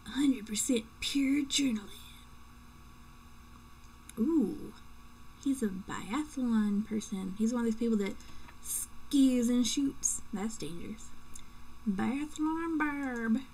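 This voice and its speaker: Young woman rambling thru a video game at night, slow drawl, jokey, whispers stuff, a bit high voiced. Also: dark tone, slight background noise, poor audio. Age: young adult. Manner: chatty and joking, with playful whispered asides. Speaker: let's play gamer. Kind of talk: casual gameplay commentary. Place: home room at night.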